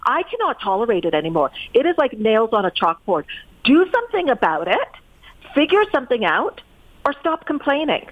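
A woman's voice: a little high, big pitch swings, fairly quick, dry recording. Emphatic woman coach on a phone line. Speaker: guest, peak performance coach. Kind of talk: interview answers. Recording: tinny, dry phone line.

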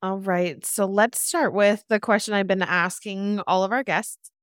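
A woman hosting a podcast in casual chat, steady and friendly as she guides the talk. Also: medium pitch, measured pace, clear, resonant tone, dry recording, clean studio sound. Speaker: podcast host.

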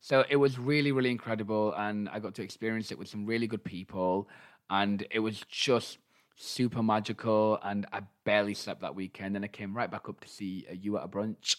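A man's voice: on the low side, steady tone, fairly quick. Chatty English man in his thirties. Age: 30s. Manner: chatty, camp, swears freely. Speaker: podcast co-host. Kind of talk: casual chat.

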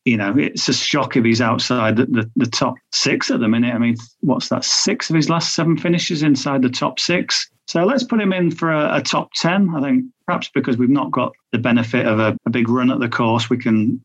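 Brief: mid-pitched male tipster, rambling and chatty, muffled lo-fi recording. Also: fairly even intonation, a little fast, hardly any pauses. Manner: chatty, thinks aloud with fillers and restarts. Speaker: betting tipster. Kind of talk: podcast chat.

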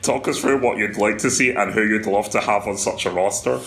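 A man's voice: lowish voice, brisk, noisy background. A man hosting a podcast interview, asking questions in an easygoing way and adding joking asides. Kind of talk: casual interview.

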